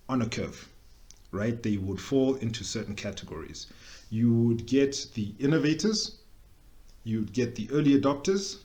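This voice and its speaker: A young adult man, presenting a workshop in a casual, joking way with quick tangents. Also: medium pitch, mellow. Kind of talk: casual explanatory talk.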